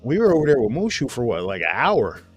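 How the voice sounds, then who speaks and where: A man's voice: medium pitch, huge pitch swings, fast, soft background music. A man in his forties hosting a casual chat, telling a rambling, profane story and acting out his friends' lines with a laugh. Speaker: podcast host.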